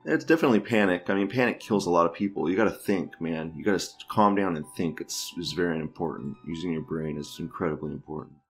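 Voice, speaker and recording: A man's voice: deep voice, fast, few pauses, soft background music. A man hosting a podcast, giving crude, profane, offhand commentary and often laughing as he reacts to videos. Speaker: podcast host.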